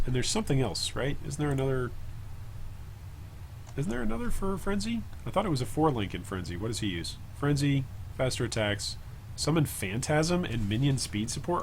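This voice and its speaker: Between moves in his live video game stream, a man rambles casually to himself and throws asides to his chat. He speaks at medium pitch, with slight background noise present.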